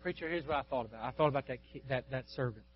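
A man preaching a sermon, telling a story with asides to the pastor and congregation, swinging between loud exhortation and hushed quiet. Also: mid-range voice, very fast, slight background noise. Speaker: guest preacher. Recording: dull lo-fi sound.

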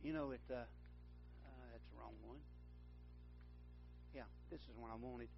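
A man's voice: medium pitch, steady tone, normal speed, vocal fry, muffled recording, over music. A man preaching a sermon, rambling and correcting himself, then building to fervent emphasis.

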